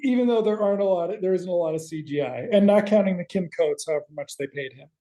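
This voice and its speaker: Mellow-voiced man rambling through a recap. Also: high-pitched. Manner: rambling, quick asides with casual swearing. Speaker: podcast co-host. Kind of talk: casual chat recapping a TV episode.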